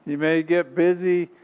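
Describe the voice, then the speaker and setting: A man's voice: on the high side, clear, resonant tone. A man preaching a sermon in a folksy, repetitive style, chuckling now and then. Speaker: pastor. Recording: tinny phone-like recording.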